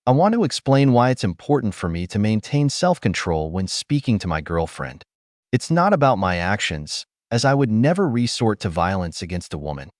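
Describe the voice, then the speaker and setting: A man reading a first-person story aloud as scripted narration, in a steady, even-paced storytelling manner. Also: fairly low pitch, dry recording, studio quality.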